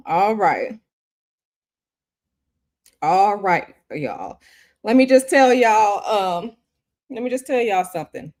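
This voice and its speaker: A woman's voice: mid-range voice, big pitch swings, slow pace, long pauses, a little mellow. A woman hosting a tarot livestream from a hotel room, talking casually and chattily to her viewers and repeating herself often. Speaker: tarot reader and livestream host.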